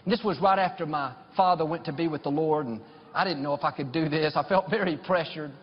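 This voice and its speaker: Here a middle-aged pastor preaches, weaving in personal anecdotes before building to passionate pronouncements of blessing. He speaks on the high side and fairly quickly, over a slight hiss or hum. Sound is muffled and carries a long hall echo.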